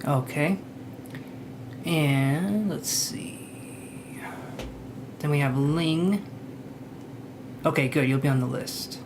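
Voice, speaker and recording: Guy running a live tarot stream, loose jokey chat, greets everyone by name, voice on the higher side. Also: drawn-out words, long pauses, background noise. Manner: chatty, greets viewers by name, joking and self-deprecating.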